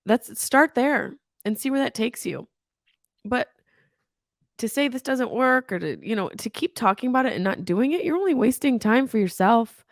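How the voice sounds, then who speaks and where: A woman in her thirties hosts a casual comedic podcast, delivering a candid, animated monologue packed with swearing and comic asides. Her voice sits a little high at a moderate pace, recorded cleanly on a studio microphone with no echo.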